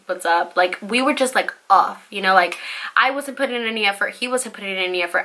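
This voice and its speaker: A young woman telling a storytime vlog in a chatty, animated way, full of "like" and "you know", and swearing freely. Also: medium pitch. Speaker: vlogger.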